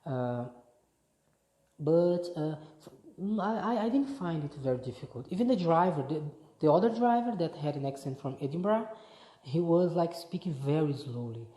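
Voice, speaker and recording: A woman's voice: low-pitched, expressive, normal speed, mellow. A woman from Brazil, chatting casually in a vlog, easygoing and often restarting her sentences. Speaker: vlogger. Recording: echoey room.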